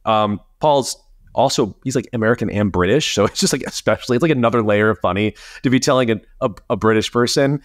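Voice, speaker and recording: A man co-hosting a podcast in casual chat, talking animatedly and swearing, his pitch jumping up when he gets indignant. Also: fast, dry recording, clean studio sound. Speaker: podcast co-host.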